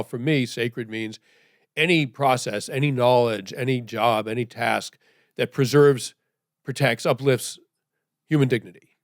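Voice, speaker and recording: Telling a story on someone else's podcast, this middle-aged man of medium pitch rambles, keeps asking "right?" and goes hushed when things turn grave. The sound is clean studio audio with no room sound.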